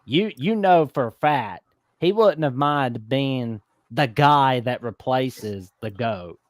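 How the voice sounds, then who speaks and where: A man hosting a casual college football talk show, animated and given to mock-scolding asides. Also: medium pitch, takes it slowly, no room sound, clean studio sound.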